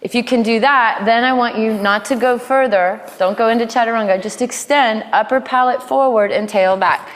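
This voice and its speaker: A woman teaching a live yoga class, cueing poses in a playful way with quick asides. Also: fairly high pitch. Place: yoga studio. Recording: long hall reverb in studio.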